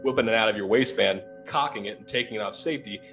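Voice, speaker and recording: A man's voice: on the low side, fast talker, soft background music. A young adult man telling a ghost story casually, acting out the dialogue with laughs. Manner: animated, acts out quoted dialogue with laughs. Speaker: paranormal investigator telling his story.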